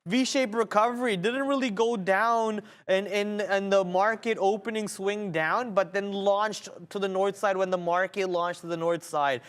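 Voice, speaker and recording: A man with a high, light voice talks traders through the market on a live show. His delivery is brisk and chatty, full of restarts and repeated words. He sounds like he is on a trading floor studio set. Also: steady tone, a bit bright, clean tone. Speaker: day trading show host.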